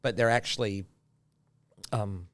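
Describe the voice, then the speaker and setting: A man's voice: fairly low pitch, fairly even intonation, slow pace. A man, a guest pastor, talking in a casual podcast conversation, telling stories with lots of repeated phrases for effect.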